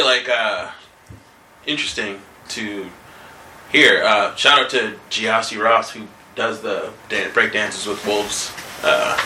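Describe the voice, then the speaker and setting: A man's voice: lowish voice, pushed and bright, distant mic, a little hiss or hum. A man co-hosting a podcast in casual chat, rambling loosely, swearing freely and laughing often. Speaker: podcast co-host. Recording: roomy echo, a bit off-mic.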